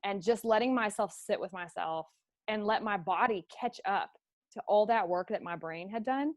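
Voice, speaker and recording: A woman's voice: mid-range voice, moderate pace, dry recording, studio quality. A middle-aged woman hosting a conversational interview, telling a personal story in an open, emotional way. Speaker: host.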